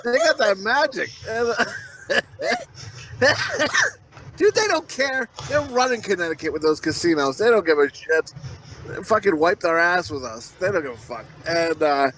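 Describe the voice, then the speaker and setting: Man, podcast co-host, high bright voice, rambling crude storyteller, casual chat. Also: unhurried, a little hiss or hum. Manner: animated voices in quoted reactions.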